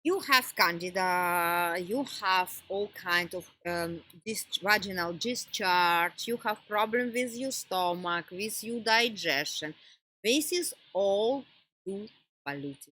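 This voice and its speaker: Slow, breathy woman teaching in halting phrases. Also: medium pitch, animated, bright, forceful tone, no echo, poor audio. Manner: halting, pauses to search for words; non-native English phrasing. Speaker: wellness teacher. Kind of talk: informal teaching talk.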